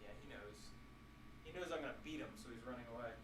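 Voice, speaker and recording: A drone streamer hosts a live Q&A from a home room with glass doors, chatting casually at a fast pace in a mid-range voice. He laughs a lot, swears, and scolds his cat, and the background is noisy.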